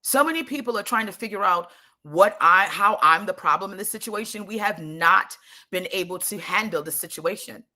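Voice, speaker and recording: A young woman telling a story in a casual monologue, animated and emphatic, often restarting her sentences. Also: mid-range voice, moderate pace.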